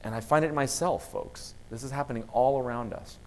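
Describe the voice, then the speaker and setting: A man with a medium-pitched voice talks a little quickly, speaking as a university vice president of student affairs. He gives students a motivational talk, acting out dialogue as he tells his stories with a lively storyteller's energy.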